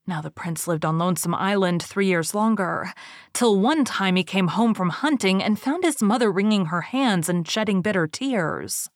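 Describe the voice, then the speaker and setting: A woman reading an old folk tale aloud in a measured, even storytelling manner. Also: mid-range voice, no room sound, clean studio sound.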